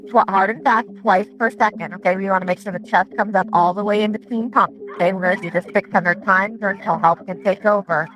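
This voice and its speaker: A woman emergency dispatcher giving calm, steady instructions and counting aloud, heard on an archival call recording with music beneath. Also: mid-range voice, fairly quick, hardly any pauses, poor audio.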